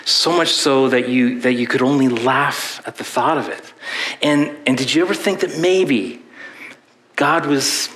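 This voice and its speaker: A man's voice: mid-range voice, unhurried, fairly bright tone, slight background noise. A man with a Canadian accent preaching a sermon in a church, telling stories and slipping into playful voices. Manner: storytelling with playful put-on voices. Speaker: pastor. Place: church sanctuary.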